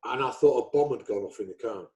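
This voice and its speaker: A middle-aged English man, a guest racing driver, telling stories in casual chat, animated and swearing freely. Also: medium pitch, quick pace, rough recording.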